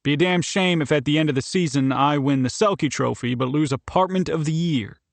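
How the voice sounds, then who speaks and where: A man voicing a wry, guarded hockey player with deadpan humor, in an audiobook. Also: on the high side, a little fast, vocal fry, dry recording. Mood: dry. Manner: dry, deadpan.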